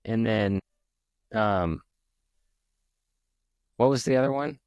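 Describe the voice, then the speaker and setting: A man's voice: fairly low pitch, slow pace, a little mellow, clean tone, dry recording, muffled recording. A man chatting as a podcast guest, laid-back, blunt and profane. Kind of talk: casual chat.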